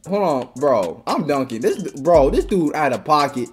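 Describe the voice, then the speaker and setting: A woman giving profane, excitable live commentary while playing a game, swinging from low mutters to sudden outbursts. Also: normal speed, few pauses, loud music behind the voice. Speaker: gaming channel host.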